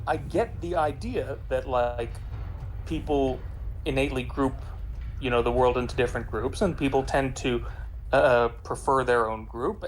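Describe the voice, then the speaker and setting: A man's voice: mid-range voice, slight background noise, rough recording. A man chatting casually while playing a game, rambling with many fillers and restarts. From United States. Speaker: co-player in a game stream. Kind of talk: casual chat while gaming.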